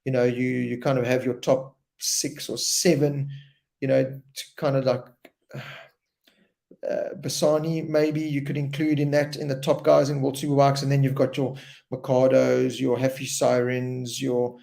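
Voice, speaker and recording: A man hosting a casual live-stream chat, talking in a loose and animated way and often repeating words as he tells a story. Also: medium pitch, measured pace, gravelly. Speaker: host.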